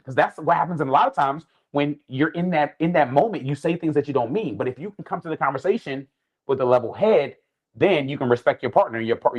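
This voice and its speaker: A man co-hosting a podcast, giving advice in an earnest, casual way with many restarts. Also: on the high side. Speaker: podcast co-host.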